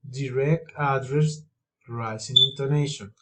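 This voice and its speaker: A man's voice: mid-range voice, measured pace, heavy background noise. A man reading English intonation drills aloud, one sentence at a time, as a teacher demonstrating each pattern. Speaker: language teacher.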